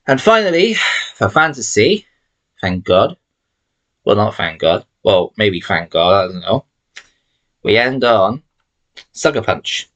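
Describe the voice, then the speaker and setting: Slow, low-voiced man vlogging. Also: big pitch swings, a bit bright. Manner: chatty, rambling, emphatic opinions. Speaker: channel host showing his film collection. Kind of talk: casual vlog talk to camera.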